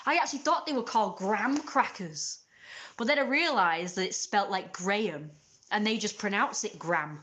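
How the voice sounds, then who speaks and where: A British YouTuber from Britain delivers a casual rant to camera, passionate, blunt and exasperated, addressing her viewers directly. Her mid-range voice is animated and fairly bright, and she speaks a little fast with a British English accent.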